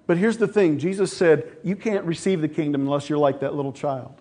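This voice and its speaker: A man's voice: fairly high pitch, moderate pace, hardly any pauses. A middle-aged male pastor preaching a sermon, telling stories and acting out voices along the way. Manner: storytelling, animated, acts out quoted voices.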